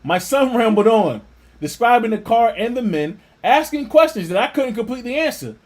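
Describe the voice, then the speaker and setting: Male religious teacher reading aloud, high pitched and lively, with scornful asides. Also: normal speed. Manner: animated, scornful asides with laughter.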